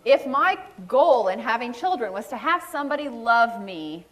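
A woman preaches with lively storytelling, slipping into the voices of the people in her anecdotes. Her voice sits a little high. She sounds middle-aged. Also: moderate pace. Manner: animated storytelling, acting out quoted voices. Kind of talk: sermon.

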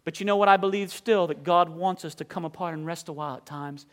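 A man preaching a sermon, asking the congregation questions and reading scripture with slow, drawn-out emphasis, his delivery swinging from booming to hushed.

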